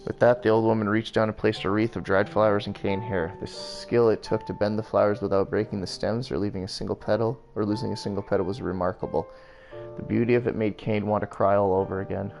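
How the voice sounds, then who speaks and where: A man's voice: fairly low pitch, little pitch movement, fast, vocal fry, over music. A man reading a novel aloud on a stream, mixing plain narration with wry side comments.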